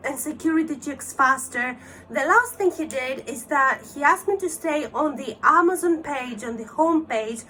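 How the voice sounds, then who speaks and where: A woman with a high voice recounts a scam call to her viewers. She talks in an agitated rush and acts out the callers' lines and her own replies. A faint background ambience sits under her voice. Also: fairly bright tone, slight background noise, rough recording. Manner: agitated, retelling scam calls with quoted dialogue. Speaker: vlogger. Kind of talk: telling a personal story to camera.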